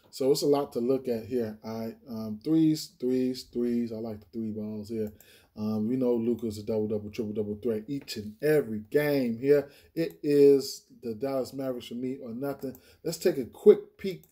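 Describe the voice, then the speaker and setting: A man's voice: mid-range voice, warm tone. A man hosting a sports betting channel, casually breaking down picks, thinking aloud with lots of fillers and profanity. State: hiccuping.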